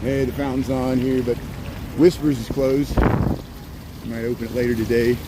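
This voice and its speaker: Unhurried and fairly even in pitch, a man's medium voice carries a chatty, meandering live-stream walk through the city, with sarcasm sprinkled in. The vlogger holds his phone as he goes, picking up traffic and street sounds.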